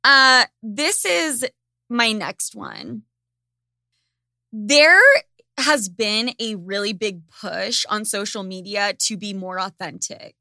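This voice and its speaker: A woman hosting a podcast in casual chat, ranting in an animated, profane way. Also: mid-range voice, slow pace, gravelly, dry recording, clean studio sound. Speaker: podcast host.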